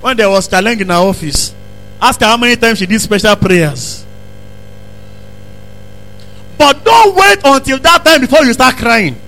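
A man preaching a sermon, repeating phrases and breaking into emphatic shouts. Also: extremely high pitch, sing-song, normal speed, faint music behind, rough recording. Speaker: pastor.

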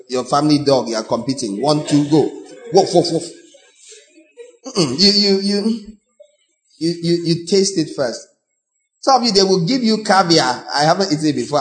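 A man with a Nigerian English accent preaching a sermon as pastor, animated, acting out voices with sudden shouts. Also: on the high side.

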